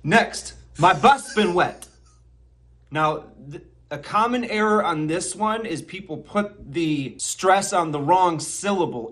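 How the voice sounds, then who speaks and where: A man's voice: on the high side, slow, a bit bright. A man presenting a comedy sketch as a mock lesson, over-enunciating each word in a mock-instructional tone.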